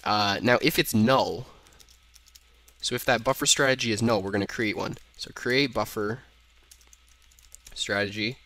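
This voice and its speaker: A man's voice: mid-range voice, fairly bright tone, no echo. A young man casually talking through code in a programming tutorial, thinking aloud and correcting himself as he types. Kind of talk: screen-recorded coding tutorial. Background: keyboard typing.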